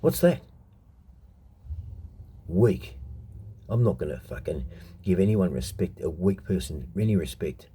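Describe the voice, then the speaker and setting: A man's voice: low-pitched, lively intonation, moderate pace, warm tone, husky. A middle-aged Australian man in a blunt, profane, heated monologue, telling stories from his past as a show host. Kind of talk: unscripted monologue.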